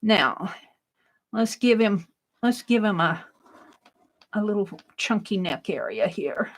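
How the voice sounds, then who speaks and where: A woman with an animated, mid-range voice takes her time on a casual craft livestream, chatting and laughing at her own artwork. Now and then she lowers to a soft murmur. The recording is rough.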